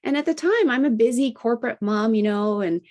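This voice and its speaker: A woman's voice: animated, brisk, darkish tone. Chatty woman telling a personal story. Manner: conversational, often tags phrases with "you know" and "right?"; acts out remembered dialogue with lifted pitch. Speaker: guest, integrative health practitioner and health coach. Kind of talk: personal storytelling in a podcast interview.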